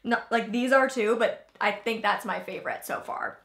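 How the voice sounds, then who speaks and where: Bright, chatty young woman in an echoey room. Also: on the high side, moderate pace, gravelly. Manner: chatty, filler-heavy, talks while chewing. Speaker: vlogger host. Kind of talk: casual taste-test chat.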